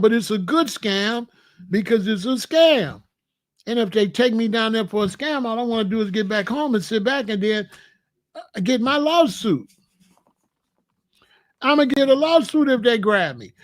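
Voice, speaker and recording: A man's voice: extremely high pitch, animated, moderate pace. A man hosting his own commentary channel, joking and bragging in a casual, streetwise rant.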